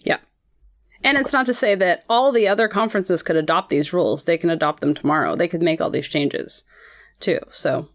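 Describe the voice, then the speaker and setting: A woman co-hosting a podcast, chatting casually with strong opinions, often laughing and dropping low for asides. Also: fairly quick, no room sound, clean studio sound. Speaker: podcast co-host. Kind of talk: casual chat.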